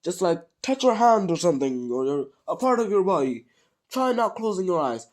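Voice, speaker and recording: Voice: medium pitch, very animated, moderate pace, voice pushed up, lightly acted. A speaker with a cold voicing a cheerful, theatrical adult male hero mentor in a casual fan story. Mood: hearty. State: sick with a cold.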